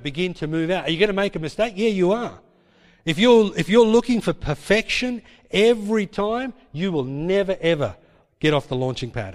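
A man preaching a sermon as pastor, emphatic and repeating his points with tag questions. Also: sits high. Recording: long hall reverb.

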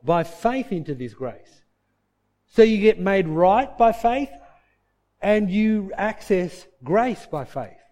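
A male pastor delivers a slow sermon with wide pitch swings, posing questions to the congregation and answering them himself. For heartfelt points he drops to a soft, low voice.

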